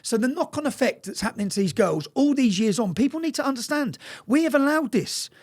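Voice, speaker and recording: A man's voice: very high-pitched, lively intonation, fast talker, a little mellow, breathy edge. A man, a guest telling stories with insistent energy and ending his phrases with questioning "yeah?" tags. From England. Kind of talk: impassioned storytelling in conversation.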